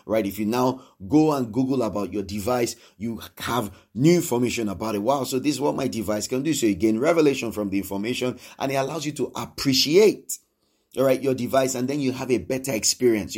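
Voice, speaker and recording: A man preaching a sermon, emphatic and repetitive, asking his listeners questions and acting out quoted speech. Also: medium pitch. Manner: emphatic, repeats phrases, asks the congregation questions; acts out quoted speech with sudden swings in loudness.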